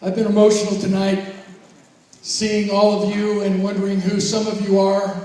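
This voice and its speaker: A man in his fifties giving an emotional, reflective reunion speech with jokes and slow pauses. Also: high-pitched, monotone, noisy background. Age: 50s. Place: large reunion hall. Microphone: handheld microphone heard from far off. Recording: echoey hall from far off.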